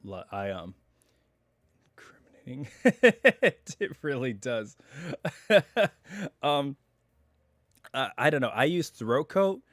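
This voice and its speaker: A man hosting a casual live stream from home, chatting in a rambling way full of asides, his voice still a little hoarse as it recovers. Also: mid-range voice, very animated, takes it slowly, long pauses, a bit bright, no room sound, studio quality.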